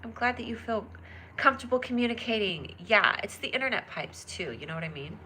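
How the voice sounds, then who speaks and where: A woman's voice: on the high side, lively intonation, fairly quick, pushed and bright, slight background noise. A woman hosting a casual phone live stream, bubbly and giggly, chatting with viewers and reading their comments aloud. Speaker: livestream host. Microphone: phone camera.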